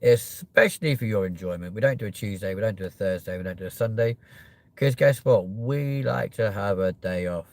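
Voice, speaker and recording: Brief: young guy, lowish voice, sweary live-stream host riffing loosely with chat. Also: brisk. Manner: sweary, jokey, chatty with viewers.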